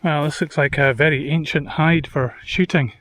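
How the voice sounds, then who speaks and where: A man narrating his hill walk casually to the camera, relaxed and self-deprecating, pausing often on "uh" while outdoors on an open hillside. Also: fairly high pitch. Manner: chatty, relaxed, self-deprecating, with frequent "uh" pauses. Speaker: hiking vlogger. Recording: outdoor recording with wind noise.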